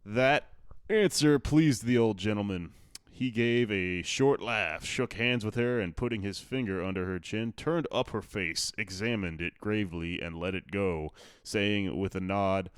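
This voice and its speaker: Smooth low-voiced man reading aloud. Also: a little slow, no echo, clean studio sound. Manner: offhand asides and self-corrections. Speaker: audiobook narrator. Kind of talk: casual audiobook reading.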